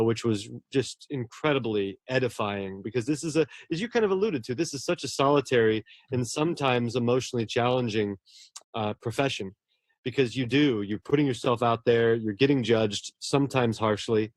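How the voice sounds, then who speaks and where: A man's voice: mid-range voice, no room sound, clean studio sound. A man, a horror novelist, talking earnestly and at length in a casual interview, often restarting his words.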